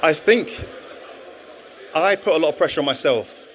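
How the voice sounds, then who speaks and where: A man's voice: on the high side, animated, normal speed, fairly bright tone, a little hiss or hum. A man in his thirties, a former footballer and guest at a live event, telling his story in an earnest, reflective way with frequent restarts. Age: 30s. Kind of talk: live stage interview, testimony.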